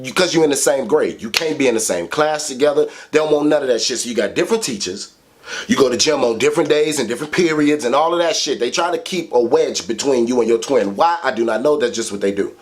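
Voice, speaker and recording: A man telling a childhood story to camera in a casual, animated way, swearing heavily. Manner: animated, profane, heavy swearing; big swings in pitch for emphasis. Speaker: vlogger.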